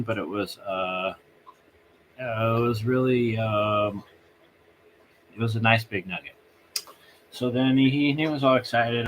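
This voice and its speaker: A man hosting a live stream from home, telling a long story in a rambling, halting way and circling back. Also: mid-range voice, sharp tone, slight background noise.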